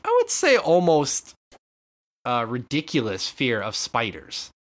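A young man chatting casually on a podcast, telling stories in a lively way with frequent swearing and laughter. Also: mid-range voice, measured pace. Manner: animated storyteller, swearing, laughing often. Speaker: podcast co-host. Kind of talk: casual chat.

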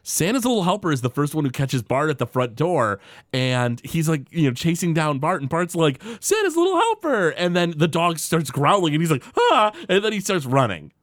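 Casting: male podcast co-host, animated pitch, chatty, hesitant, close dry sound. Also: brisk, no room sound. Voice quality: animated, acts out quoted characters in shifting voices. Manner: filler-heavy, frequent "uh" restarts. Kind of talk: casual podcast recap.

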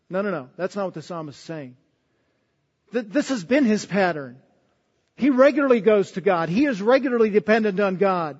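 A man with a high voice preaches an earnest sermon, doubling back on words as he works through his point. His voice rings out with a long hall reverb, and the recording is slightly dull. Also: lively intonation, normal speed. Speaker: pastor.

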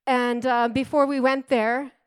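A woman's voice: high-pitched, level tone, measured pace, smooth, dry recording. A middle-aged woman preaching a sermon in an earnest, emphatic way, repeating key phrases for stress.

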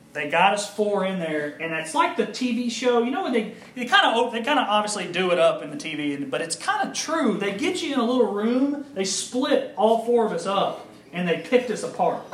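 A male pastor giving his personal testimony in an animated storytelling manner, acting out the voices of people he quotes. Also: high-pitched, a little hiss or hum. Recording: echoey room.

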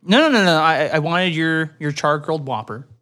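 A pushy customer phones in an order, stumbling over his words while insisting he is right, as a man plays him. The voice is bright and swings widely in pitch. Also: lively intonation, normal speed. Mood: insistent. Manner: hesitant, insistent.

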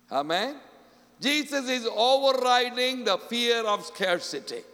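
A man preaching a sermon, often asking the congregation "Amen?", acting out quoted voices and swinging between loud and soft. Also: very high-pitched, lively intonation, a little slow. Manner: call-and-response, repeats "Amen?" often. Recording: long hall reverb.

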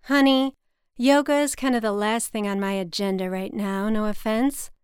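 A woman voicing a brash, blunt, paranoid middle-aged mother with a brassy, loud delivery. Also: medium pitch, steady tone, moderate pace, clean tone, no room sound, clean studio sound, close to an everyday voice.

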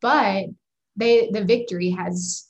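A woman's voice: medium pitch, slow pace. Affirming woman podcast co-host. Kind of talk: faith-based casual chat.

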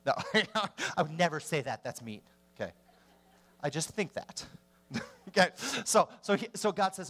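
A man preaching a sermon as a pastor, telling the story with animation and swinging from loud to hushed. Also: high-pitched, expressive, a little slow.

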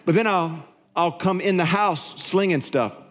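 A male pastor giving a conversational, animated sermon and acting out the voices in his head, in a church sanctuary. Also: high voice, unhurried. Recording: echoey hall.

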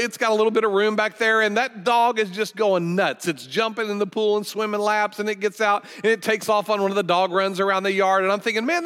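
A middle-aged man preaching a sermon in a church auditorium, in a folksy, animated, conversational way with frequent restarts. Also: sits high, smooth. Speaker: guest pastor. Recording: reverberant church hall.

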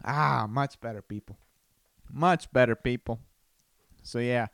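Playful rambling man, smooth dry voice. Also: medium pitch, fairly bright tone, dry recording. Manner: rambling, playful, does silly voices and quick exclamations. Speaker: podcast host, comedian. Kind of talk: casual solo podcast musing. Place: home room. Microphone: studio microphone.

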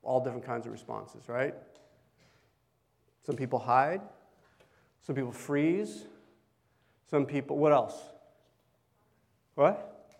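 A man's voice: mid-range voice, slow, vocal fry, long pauses, a little mellow. A male pastor preaching a sermon in a conversational way, often putting questions to the congregation. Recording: long hall reverb.

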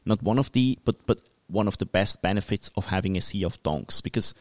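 A man co-hosting a casual podcast, talking in an animated way with lots of restarts. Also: low voice, brisk, no echo. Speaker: podcast co-host.

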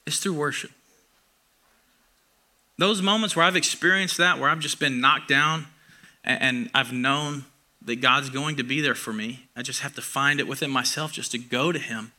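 A young man preaching a sermon in a conversational, self-deprecating way, booming loud for emphasis and then dropping to a soft near-whisper. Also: moderate pace.

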